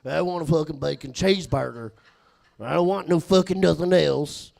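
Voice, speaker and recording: A man voicing a dim, foul-mouthed redneck coworker who complains nonstop in a loud, griping drawl. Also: on the high side, normal speed, gravelly. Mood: indignant.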